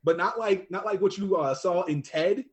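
A man's voice: sits high, normal speed. A young man chatting casually as a podcast guest, joking and loose, with plenty of fillers. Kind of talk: casual chat.

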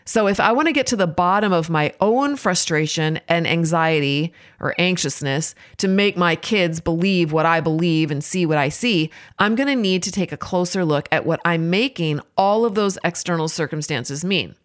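Candid woman with a low-set voice. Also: lively intonation, moderate pace, few pauses. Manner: candid, self-examining, earnest. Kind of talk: reflective faith-themed monologue.

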